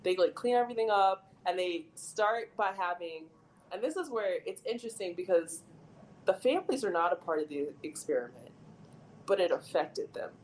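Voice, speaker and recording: A young adult woman with a fairly low voice speaks at a moderate pace on a casual podcast, telling an animated story packed with "like" and acting out the people in it. The audio quality is poor.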